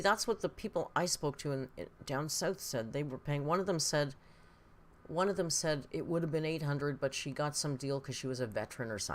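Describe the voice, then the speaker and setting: A woman's voice: a bass voice, slight background noise. A woman giving casual, sarcastic reaction commentary, blunt and swearing, answering viewers' comments as she goes. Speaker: commentary YouTuber.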